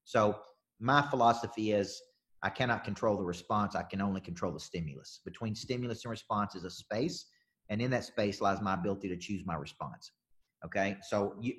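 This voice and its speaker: A man coaching on sales during a live webinar, talking emphatically and repeating his points as he answers questions. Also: fairly low pitch.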